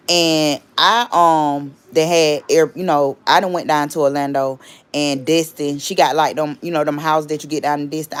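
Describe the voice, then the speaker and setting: A woman hosting a casual livestream, rambling chattily and stopping to greet and thank viewers. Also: deep voice. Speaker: livestream host.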